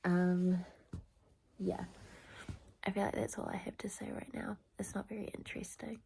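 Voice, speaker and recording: A young woman with a congested nose, chatting casually to camera in a hushed, rambling way full of fillers, indoors at night. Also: medium pitch, fairly even intonation, moderate pace, vocal fry, husky. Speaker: vlogger. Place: indoors at a relative's home at night.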